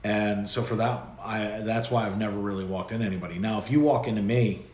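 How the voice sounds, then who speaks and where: A man talks loosely to his livestream viewers, drifting and circling back as he goes. His voice sits on the low side. The room is echoey, with a faint hiss behind him. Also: fairly even intonation, fast, a little mellow. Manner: rambling, loose, with many fillers and restarts. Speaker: livestream host. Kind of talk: casual livestream chat.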